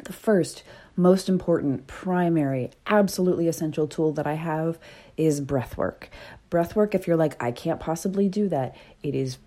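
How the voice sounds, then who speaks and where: A woman hosting a solo podcast, talking casually and earnestly, sometimes dropping to a soft whisper. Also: low voice, moderate pace. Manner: earnest, animated, drops to soft whispers at times. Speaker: podcast host.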